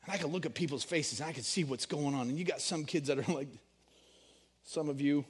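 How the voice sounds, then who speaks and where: A middle-aged man delivers a sermon in a slightly raised voice. He is animated, pushing key words loudly and then dropping low for quiet stories. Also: a little fast, husky. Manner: animated, swings between loud emphasis and hushed storytelling. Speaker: pastor.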